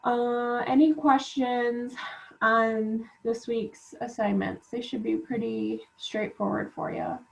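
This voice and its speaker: A woman college instructor giving relaxed class reminders with lots of "um" fillers, while feeling unwell. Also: fairly high pitch, slow, gravelly. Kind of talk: recorded class announcements. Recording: dull lo-fi class recording.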